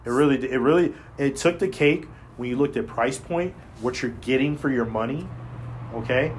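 A man talking in a casual chat, blunt and profane, telling animated stories as a podcast host. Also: mid-range voice, normal speed, a little hiss or hum.

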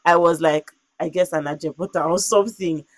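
A young woman telling a story in casual conversation, animated and expressive, acting out quotes and using lots of fillers. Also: on the low side, fairly quick, no echo. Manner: frequent "like" fillers.

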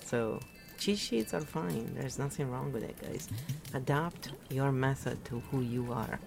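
A woman's voice: very deep voice, unhurried, gravelly, music in the background. A woman from Italy giving a casual, rambling spiritual talk, often laughing at her own jokes. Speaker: podcast host.

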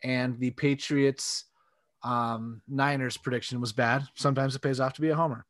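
A man co-hosting a casual sports podcast, talking in a relaxed, rambling way. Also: medium pitch, normal speed, no echo. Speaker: podcast co-host.

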